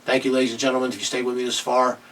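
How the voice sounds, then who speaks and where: A man's voice: medium pitch, completely flat delivery, rapid-fire, fairly bright tone, distant mic, poor audio. A middle-aged man ranting angrily in a video commentary, agitated and repeating himself. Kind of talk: angry political rant.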